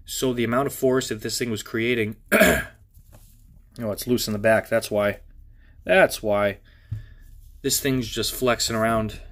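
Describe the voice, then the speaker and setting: A man with a stuffy nose giving a casual, rambling update on his drone gear, full of fillers and restarts. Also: on the low side. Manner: rambling, filler-heavy, restarts mid-sentence. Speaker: FPV drone hobbyist vlogger.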